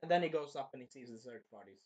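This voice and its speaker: A man's voice: medium pitch, animated, fast, a little mellow, husky, lo-fi sound. A man casually chatting through an anime episode review, rambling and swearing now and then as he retells scenes.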